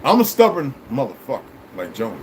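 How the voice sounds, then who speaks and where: A man's voice: medium pitch, huge pitch swings, fast talker, a little mellow, slight background noise, poor audio. A man hosting a livestream, talking to his viewers in a blunt, profane, preachy way. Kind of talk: rambling casual livestream chat.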